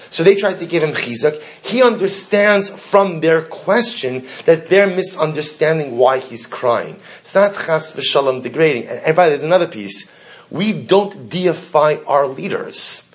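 A man teaching a Talmud class, animated, asking rhetorical questions and repeating key phrases for emphasis. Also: a little high, a little slow. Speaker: Torah teacher.

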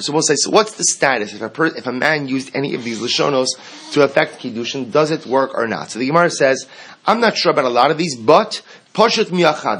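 A man works through a Talmud passage, reading a phrase and then explaining it in English. His voice is husky and sits in a middle pitch. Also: a bit bright. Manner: explains text line by line, mixing Aramaic and Hebrew terms into English. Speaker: Talmud teacher. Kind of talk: Talmud lesson.

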